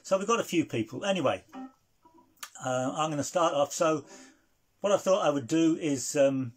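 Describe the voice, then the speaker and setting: A man hosting an online blues club in casual live-stream chat, halting and hesitant with many fillers. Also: on the high side.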